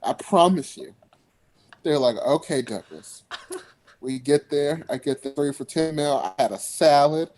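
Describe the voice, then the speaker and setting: A man's voice: a little high, moderate pace, a little mellow, a little hiss or hum. A young man, a singer guest, telling stories in a casual interview chat and laughing often.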